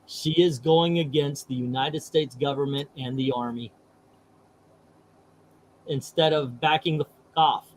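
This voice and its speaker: Man host reading news aloud, higher voice. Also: steady tone, a little slow, long pauses, a little hiss or hum, rough recording. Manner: reads out article text with frequent "uh" fillers.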